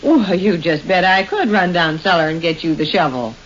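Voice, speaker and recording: A woman playing a practical middle-aged housewife full of quick homey exclamations, in 1930s radio comedy style on a hissy old recording. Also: fairly low pitch, dull audio, natural voice. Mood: bustling.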